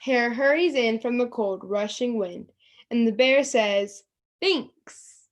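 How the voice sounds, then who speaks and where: A storytime reader on a video call, this woman reads a picture book to children slowly and expressively in a higher pitch. She breaks in with chatty asides, pointing things out to the kids.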